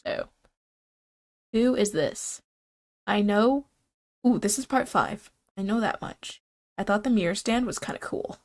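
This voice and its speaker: A woman's voice: mid-range voice, expressive, measured pace, long pauses. Young woman streamer, congested and nasal-sounding, loose rambling chat. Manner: chatty, rambling, laughs often.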